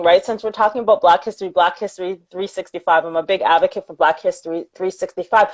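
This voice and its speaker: A woman's voice: mid-range voice, a little mellow, dull audio. A woman hosting a live-streamed interview, effusive and reading viewer comments aloud. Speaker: interview host.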